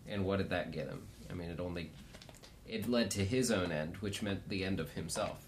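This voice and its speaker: A man's voice: low-pitched, normal speed, a little hiss or hum. A man in a casual podcast discussion, talking thoughtfully and searching for his words.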